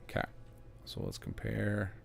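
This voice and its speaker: A low-voiced man with a gravelly edge talks through his work on a live stream. He thinks aloud, muttering to himself as he goes, and keyboard clicks and typing sound behind him. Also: very animated, unhurried, a little hiss or hum. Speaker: game mod developer streaming.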